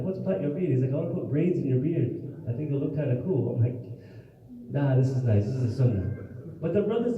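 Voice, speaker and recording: A man giving a mosque lecture, telling stories and acting out the voices of the people in them. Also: mid-range voice. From United States. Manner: animated storytelling, acts out quoted voices. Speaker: mufti giving a religious lesson. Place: mosque hall. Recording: echoey distant hall recording, dull sound.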